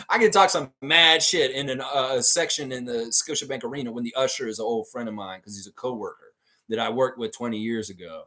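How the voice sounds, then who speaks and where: A Canadian man in his forties hosts a fan channel livestream, talking a little fast. He reads viewer comments in casual chat, swears freely, and jumps between loud hype and low murmurs.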